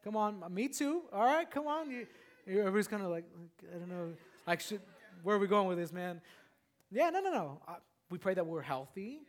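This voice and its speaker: A male pastor delivering a sermon in a very high voice. He preaches in an animated, repetitive way and keeps calling out to his congregation. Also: fairly quick.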